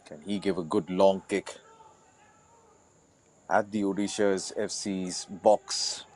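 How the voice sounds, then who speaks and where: Lower-voiced football co-commentator. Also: male voice, little pitch movement, slow pace, darkish tone. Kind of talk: live match commentary.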